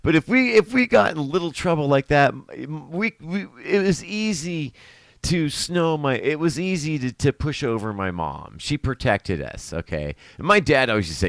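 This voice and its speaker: A man's voice: fairly high pitch, expressive, normal speed, a bit bright, no room sound. A middle-aged man telling family stories to a live stream, rambling, laughing often and correcting himself as he goes. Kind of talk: casual storytelling to a live stream.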